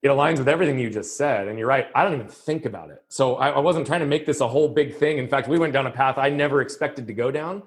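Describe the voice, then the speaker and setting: A man who works as a performance coach, talking earnestly as a podcast guest, often using "like" as a filler. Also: medium pitch. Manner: quick, earnest, emphatic with "like" fillers. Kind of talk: casual podcast conversation.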